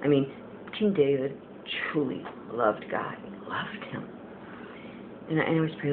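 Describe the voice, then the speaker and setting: A woman's voice: rumbling low, normal speed, pauses often. A woman giving a casual spiritual testimony, rambling and earnest with many fillers, as a Christian video blogger. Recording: tinny phone-like audio with faint hiss.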